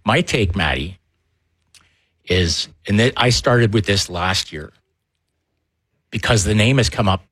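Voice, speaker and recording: A man co-hosting a sports talk show, telling stories in an animated way and laughing easily. His voice sits a little low. The sound is close and dry. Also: a little slow, long pauses, breathy edge, no room sound. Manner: animated storyteller, laughs often. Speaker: sports radio co-host, former player.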